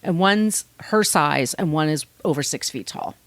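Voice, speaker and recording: A woman with a somewhat low voice tells a true-crime story as a podcast host. She keeps it casual and animated, slips into the voices of the people involved, and swears freely. The sound is dry and close, with no room echo. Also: a little slow. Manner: chatty, animated, acts out quotes, swears freely.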